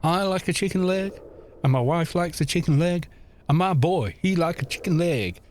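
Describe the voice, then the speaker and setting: A man's voice: a little high, expressive, moderate pace, a little mellow, a little hiss or hum, pitched above the performer's own voice, lightly acted. A man with a mixed British accent voicing a folksy, dry-witted American farmer in a put-on American accent.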